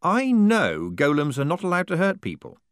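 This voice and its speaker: A man's voice: a little high, huge pitch swings, normal speed, smooth, dry recording, clean studio sound, voice pushed up. A man doing a glib con man. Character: glib male con man, easily rattled.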